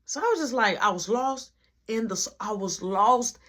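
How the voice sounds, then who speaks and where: A woman casually telling a story in slang, animated and full of quoted dialogue. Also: on the high side, moderate pace. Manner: slangy, animated retelling with many quoted lines.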